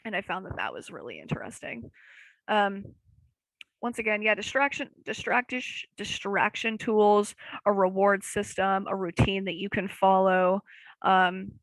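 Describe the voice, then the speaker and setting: A woman's voice: mid-range voice, expressive, unhurried, no room sound, low-quality recording. A young woman hosting a podcast, talking in a rambling, casual way with lots of fillers and self-deprecating asides. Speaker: podcast host. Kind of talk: casual chat.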